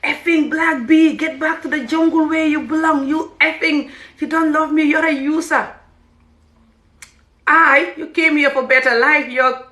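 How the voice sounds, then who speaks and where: Gambian woman doing an abusive drunk older husband, shouting, pitched high and sharp, echoey room. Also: fairly even intonation, unhurried.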